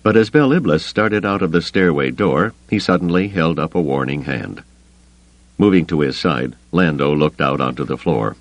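Deep-voiced, expressive male narrator. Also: normal speed, dry recording, low-quality recording. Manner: expressive, suspenseful. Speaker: audiobook narrator. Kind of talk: scripted narration.

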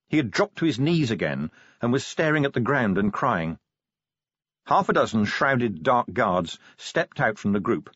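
Brief: expressive male audiobook narrator, animated delivery, slightly husky, muffled dry sound. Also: medium pitch, dry recording. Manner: expressive, dramatic storytelling. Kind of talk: scripted fantasy narration.

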